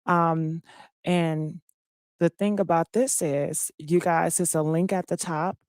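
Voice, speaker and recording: A woman hosting a casual live-stream gossip commentary, just woken up and low on energy, chatting directly to her viewers with plenty of fillers. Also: fairly even intonation, takes it slowly, darkish tone, dry recording, clean studio sound.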